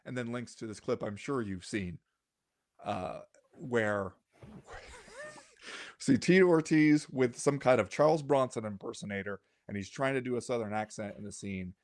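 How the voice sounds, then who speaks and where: A man's voice: medium pitch, normal speed, no room sound, studio quality. Wry man reading listener comments. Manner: reads listener comments aloud, wry and animated. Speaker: podcast co-host. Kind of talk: casual chat.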